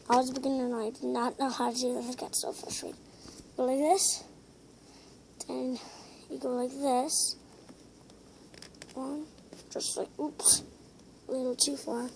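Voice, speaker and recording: High-voiced woman rambling through a craft tutorial. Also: noisy background. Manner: rambling, hesitant step-by-step instructions with whispered asides. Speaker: tutorial maker.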